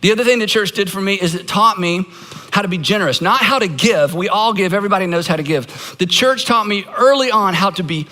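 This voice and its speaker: A man's voice: sits high, a little fast, bright, forceful tone. A man from Georgia, a pastor giving a conversational sermon, earnest with self-deprecating asides. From Georgia, United States.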